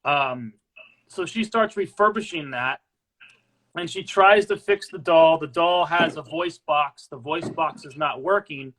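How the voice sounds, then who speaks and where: Brief: male co-host, high bright voice, easygoing plot recap, laughs often. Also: unhurried. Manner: relaxed storyteller, retells plot, laughs easily. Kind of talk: casual movie discussion.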